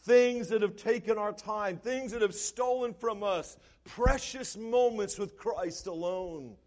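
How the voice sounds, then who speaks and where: A man preaching a sermon as pastor, swinging between quiet, low passages and loud, shouted lines. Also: slow.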